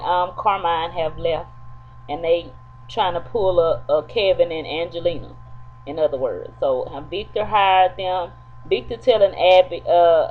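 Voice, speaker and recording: Chatty woman recapping a soap. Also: on the low side. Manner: chatty, animated, talks straight to viewers. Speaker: soap opera recap vlogger. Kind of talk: casual episode recap. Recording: dull lo-fi with faint hum.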